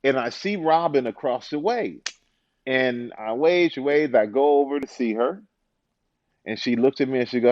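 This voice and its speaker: A man guest in a casual interview, an animated storyteller who acts out the voices he quotes. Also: medium pitch, normal speed, no room sound, highs cut off. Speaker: interview guest, former football player and TV host.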